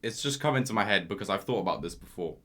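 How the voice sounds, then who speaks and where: A young man co-hosting a casual podcast chat, talking in animated, emphatic bursts and cutting in on his partner. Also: on the low side, fast talker. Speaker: podcast co-host.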